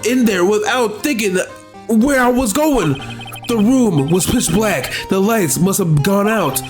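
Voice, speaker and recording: Villain read: man voicing an older, arrogant prosecutor, slow and raging, game music behind. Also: high voice. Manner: shouting in rage, slow menacing recounting.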